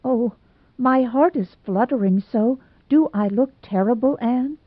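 A woman's voice: a little high, a little slow, dry recording, voice pushed up. Woman doing a tearful, fretful young bride. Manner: breathless, pleading, stammering. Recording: dry tinny phone-like sound.

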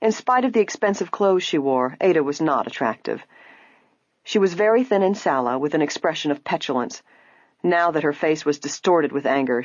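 Woman audiobook narrator, low and husky, slightly muffled recording. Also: dry recording. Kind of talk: scripted narration.

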